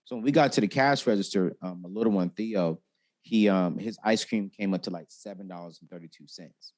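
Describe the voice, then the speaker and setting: This personal finance expert, a talkative man appearing as an interview guest, speaks with a low voice at a fairly quick clip. He acts out quoted people and lets his voice swing lively as he tells his stories. His manner is easygoing yet expressive.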